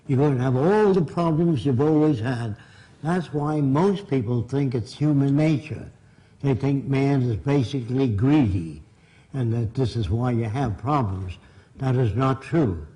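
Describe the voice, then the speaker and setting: A man's voice: medium pitch, unhurried, warm tone, poor audio. An older man giving a blunt, emphatic seminar lecture to a live audience. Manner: blunt, emphatic, plain-spoken. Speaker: seminar speaker. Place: seminar room.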